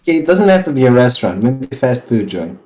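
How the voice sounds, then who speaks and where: A man's voice: mid-range voice, very animated, fast, a little mellow. A man playing in a tabletop game, bantering bluntly and swearing freely. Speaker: player.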